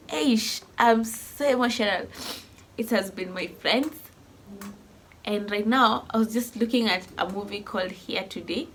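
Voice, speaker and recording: A woman's voice: mid-range voice, a bit bright, a little hiss or hum. A woman, talking in a heartfelt, rambling way in a personal vlog, with faint ambience behind her. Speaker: vlogger.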